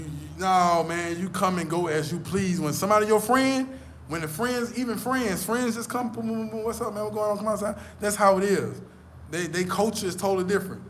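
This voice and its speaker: Brief: vlogger, emphatic and profane, a touch higher than usual, faint noise behind. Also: male voice, a bit bright. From United States. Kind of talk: casual storytelling rant.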